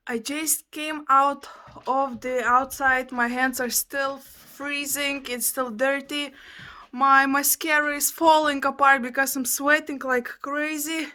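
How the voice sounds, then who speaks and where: A young woman from Lithuania, a non-native English speaker, chatting excitedly to camera in a casual vlog, laughing and exclaiming to her viewers. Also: sits high, slow pace. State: out of breath. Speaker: vlogger.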